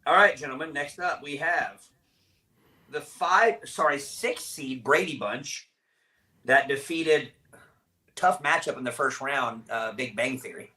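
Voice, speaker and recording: A man runs a live podcast chat in a bright, forward voice. He rambles and keeps restarting his sentences as he works toward his point. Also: mid-range voice, rough recording. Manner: rambling, halting, many restarts. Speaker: podcast host.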